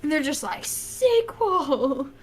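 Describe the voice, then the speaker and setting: A woman who makes videos, a podcast guest telling animated stories in casual chat and laughing often. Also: a little high, normal speed, a little hiss or hum.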